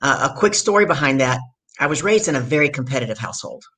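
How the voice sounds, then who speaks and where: Business coach guest, a middle-aged Southern woman, slightly husky, tells stories with emphasis. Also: rumbling low, fast. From Southern United States. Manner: animated, emphatic storyteller. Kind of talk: storytelling interview.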